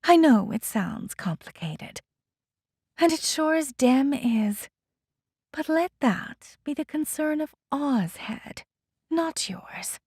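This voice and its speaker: A woman voicing a calm, condescending female religious official in an audiobook, measured and soothing. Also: high voice, no echo, clean studio sound, voice pushed up, exaggerated voice. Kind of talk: audiobook character voice.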